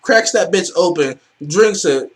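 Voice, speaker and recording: A man hosting a reaction video, excitable and profane, rambling with lots of fillers. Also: high-pitched, unhurried, slight background noise. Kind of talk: casual reaction commentary.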